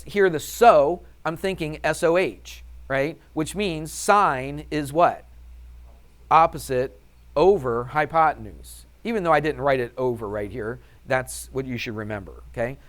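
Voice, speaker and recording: In a classroom lesson, a male math teacher sounds upbeat and chatty, posing questions to the students and then supplying the answers. His voice is on the high side and a bit bright, and he speaks without hurrying.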